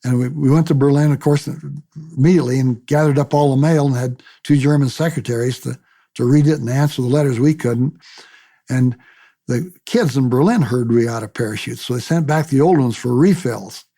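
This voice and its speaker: An older man, a retired military pilot, recounts his memories in a lively oral-history interview, acting out the voices of people he quotes and repeating words as he restarts. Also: medium pitch, brisk.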